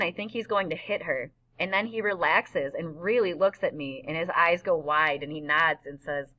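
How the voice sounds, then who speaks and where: Bright-voiced woman reading a story. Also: low voice, moderate pace, few pauses, poor audio. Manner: plain storytelling in a boy's first-person voice. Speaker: audiobook narrator. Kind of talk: scripted narration.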